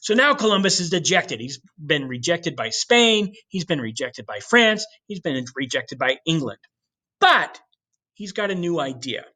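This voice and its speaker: A man giving a history lecture in an animated storytelling way, with casual asides to the class. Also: fairly high pitch, unhurried. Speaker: history teacher.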